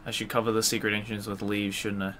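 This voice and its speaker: Man, young adult, live game commentary, crisp bright tone, cursing. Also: on the low side, little pitch movement, fast, a little hiss or hum. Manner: swears a lot, talks to himself, yells in frustration. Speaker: streamer playing a horror game.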